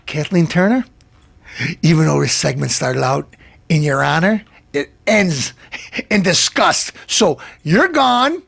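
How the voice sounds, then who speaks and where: A man's voice: a little high, measured pace, vocal fry, pauses often, fairly bright tone, dry recording. A man hosting a TV comedy show, delivering a brash, mocking insult rant and laughing at his own jokes. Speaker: TV show host.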